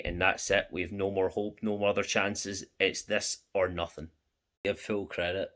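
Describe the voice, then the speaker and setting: A young Scottish man with a low voice, talking in a passionate fan reaction vlog. He speaks in a heartfelt, emotional way and keeps repeating his thanks. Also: little pitch movement, normal speed, a bit bright. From Scotland. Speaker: football fan vlogger.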